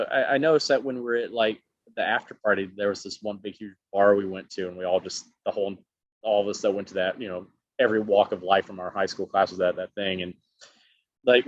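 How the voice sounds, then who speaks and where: A man's voice: lowish voice, dry recording. A middle-aged man from Alabama, an actor telling stories in a casual interview and acting out the people he quotes. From Alabama, USA. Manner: animated, acts out quotes with many voices. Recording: dull dry lo-fi sound.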